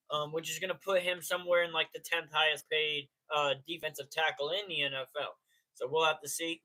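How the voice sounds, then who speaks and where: Dude hosting a sports live stream, kinda high bright voice, slangy, shouts out chatters by name. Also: male voice. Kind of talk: casual live stream chat.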